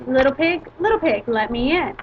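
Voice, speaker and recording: A woman's voice: high-pitched, animated, normal speed. A woman voicing the big bad male wolf in a storybook reading, stating his threats plainly. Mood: demanding. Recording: dull lo-fi recording with faint hiss.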